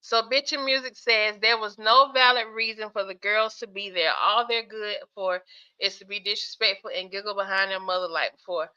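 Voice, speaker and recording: A sleepy woman hosts a relaxed livestream and reads out viewer comments between bursts of laughter. Her voice sounds bright, and the stream audio comes through dull and lo-fi. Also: medium pitch, moderate pace, clean tone. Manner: chatty, laughs often, talks straight to viewers. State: sleepy, yawning. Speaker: livestream host. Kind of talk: casual livestream chat reading viewer comments.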